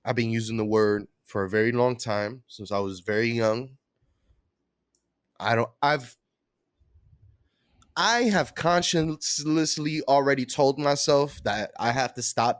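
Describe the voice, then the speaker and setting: A man's voice: mid-range voice, no echo. A man co-hosting a podcast, telling a long story in a loose, casual way with swearing. His voice sits in a middle range. The sound is dry and close, with no room around it. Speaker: podcast co-host. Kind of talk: casual chat.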